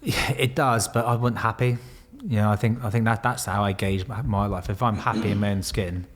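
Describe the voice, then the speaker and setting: Bloke, low-ish voice, swears a lot telling old stories. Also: male voice, steady tone, a little fast. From Bristol, England. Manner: swears freely, laughs through stories. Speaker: podcast guest, former Royal Marine. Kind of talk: casual storytelling.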